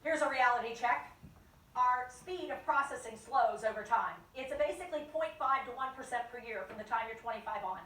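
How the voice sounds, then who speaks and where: A woman leading a lively dementia care training for a live audience, acting out inner voices and joking with the crowd. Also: fairly high pitch, a little fast, far from the mic. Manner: animated, acts out inner voices and jokes with the audience. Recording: echoey room, voice from off the mic.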